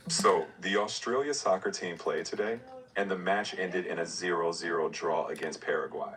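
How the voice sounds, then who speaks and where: Male AI companion, very low voice, upbeat and helpful co-host. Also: fairly bright tone, far from the mic, poor audio. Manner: upbeat, agreeable, quick with answers. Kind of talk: chatty AI voice assistant.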